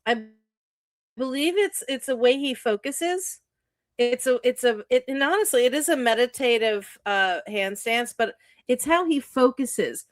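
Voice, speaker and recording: A woman co-hosting a casual chat, delivering lively motivational advice with plenty of cursing. Her voice sits fairly high. The sound is dry and close-miked. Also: a little slow, dry recording. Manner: animated, profane, spiritual pep talk. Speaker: co-host, author.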